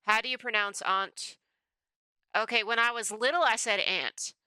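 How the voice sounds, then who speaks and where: A woman's voice: on the high side, fairly even intonation, normal speed, sharp tone, clean tone, dry recording. A woman streamer chatting casually as she takes a quiz, thinking aloud, rambling and often correcting herself. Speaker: VTuber streamer. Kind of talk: casual chat while taking a quiz.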